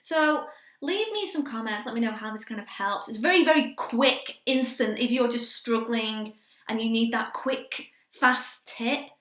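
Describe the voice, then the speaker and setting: A young woman teaches singing in a quick, chatty lesson, encouraging her listeners as she goes. Her voice sits high and sounds bright. The room around her is noticeably echoey. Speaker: vocal coach.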